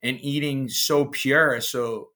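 A man from Massachusetts with a Massachusetts accent, a chef being interviewed, telling stories with animated enthusiasm. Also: medium pitch, takes it slowly. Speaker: executive chef, guest. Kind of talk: casual interview chat.

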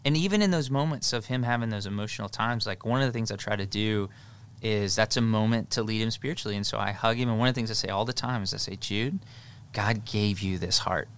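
A man in his thirties, co-hosting a podcast, telling family stories in a lively, rambling way with many restarts. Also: fairly low pitch, fast talker, smooth. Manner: animated storytelling with frequent restarts and fillers. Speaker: podcast co-host, father. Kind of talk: casual podcast conversation.

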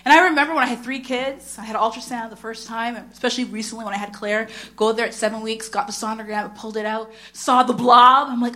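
Brief: woman preacher in her thirties, fairly high voice, lively storyteller who acts out each line. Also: fast talker, hardly any pauses. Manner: animated storyteller, acts out dialogue with big pitch jumps. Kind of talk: sermon with personal storytelling.

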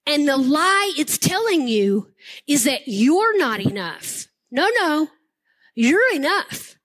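High-voiced older woman preaching slowly. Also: big pitch swings, fairly bright tone. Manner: impassioned preaching with emphatic repetition. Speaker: pastor. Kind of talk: sermon.

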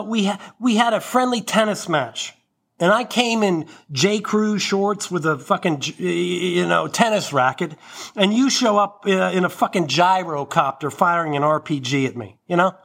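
A man's voice: sits high, moderate pace, creaky, fairly bright tone. A man hosting a solo comedy podcast, delivering a mock-indignant, profane and boastful rant.

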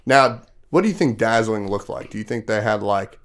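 This man's voice is fairly low with lively intonation, delivered at normal speed. As a podcast host, he casually retells a Bible story to kids, filling it with fillers and frequently stopping to ask them questions.

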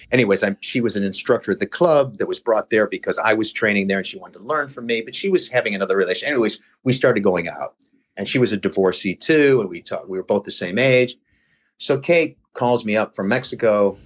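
A man's voice: lowish voice, muffled recording. A man guest rambling through a personal story in casual chat, often stopping and restarting. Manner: rambling, self-interrupting, animated impressions.

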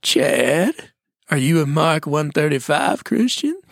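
A man's voice: on the high side, big pitch swings, takes it slowly, vocal fry, no echo, studio quality, full character voice. A man mimicking a small older male mentor with a Carolinas Southern accent, drawling and disgusted. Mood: disapproving.

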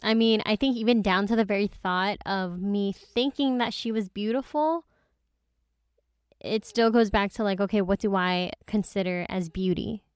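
A woman's voice: medium pitch, moderate pace, smooth, no echo, studio quality. A young woman hosting a podcast, recording in her closet and retelling a story in a chatty, slangy way with lots of asides. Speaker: podcast host. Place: closet at home.

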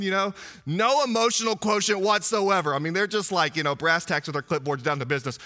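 High, bright-voiced preacher. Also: male voice, a little fast, hardly any pauses. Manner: animated, conversational preaching with asides. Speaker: pastor. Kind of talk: sermon.

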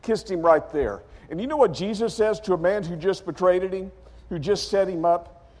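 A man preaching a sermon as dramatic storytelling, acting out scenes in character voices and swinging from shouts to quiet. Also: high voice, moderate pace. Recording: long hall reverb.

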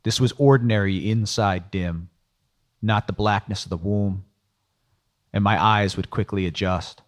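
A man's voice: lowish voice, steady tone, unhurried. A man giving wry, world-weary first-person noir audiobook narration.

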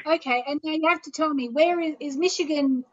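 A woman with a high voice talks briskly on a call-in show, where she works as host and astrologer. Recorded muffled on a plain mic without reverb, she leads chants and a meditation and chats with callers in a calm, chatty way.

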